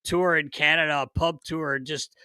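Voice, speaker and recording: Guy cracking up telling old locker room stories, bright tense voice, dry sound. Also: fairly high pitch, moderate pace, clean tone, no echo. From Philadelphia. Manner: animated, laughs often, swears. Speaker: podcast co-host, former player. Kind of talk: casual storytelling chat.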